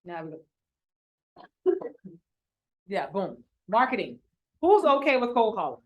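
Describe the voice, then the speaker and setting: A woman's voice: mid-range voice, sing-song, measured pace, lo-fi sound. Chatty woman teaching a live workshop. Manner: casual, chatty, uses slang and acted-out quotes. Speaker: real estate wholesaling instructor. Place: room with a live audience.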